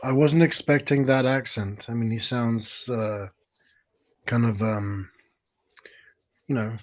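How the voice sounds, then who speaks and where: An English man, a guest in casual stream chat. He speaks in a hesitant, dry way and trails off quietly. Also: mid-range voice, steady tone, slow pace.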